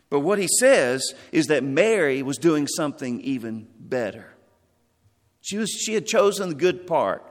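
A man preaching a sermon, expressive, acting out the quoted lines of the people in the passage. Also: fairly high pitch. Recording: long hall reverb.

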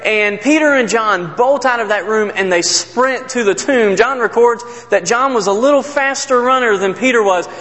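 Male preacher, higher voice, emphatic sermon storytelling, long room reverb. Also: moderate pace, hardly any pauses. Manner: earnest, emphatic storytelling, drops low and soft at sad moments.

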